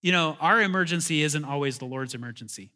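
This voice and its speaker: A man preaching a sermon in a church in a casual, animated, self-interrupting way, with chuckling asides. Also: on the high side, fast talker. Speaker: pastor.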